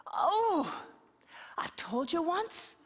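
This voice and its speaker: Wee little man: a woman playing a squeaky tiny man. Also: big pitch swings, extremely slow, heavily acted. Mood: plaintive. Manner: plaintive, high squeaky complaining. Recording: reverberant hall.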